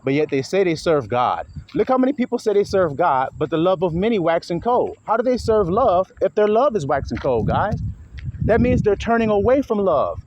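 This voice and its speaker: A man preaches in a blunt, profane street style, his fairly high voice swinging widely as he acts out arguments. The recording is a little dull and muffled. Faint crickets and insects chirp behind him. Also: sing-song, moderate pace, darkish tone, slight background noise. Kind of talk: informal sermon.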